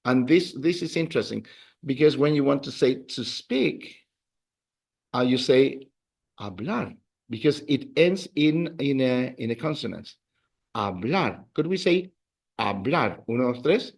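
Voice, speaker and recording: A Spanish teacher with a creaky, mid-range voice speaks at a measured pace while running a beginner language class. He's animated as he explains the rules, leading drills with counts and handing out praise.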